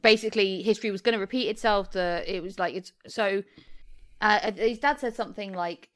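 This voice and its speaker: A woman co-hosts a relaxed podcast chat at a middling pitch for a woman. She explains a story patiently, sounding chatty and easygoing. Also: a little fast. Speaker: podcast co-host. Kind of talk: casual chat.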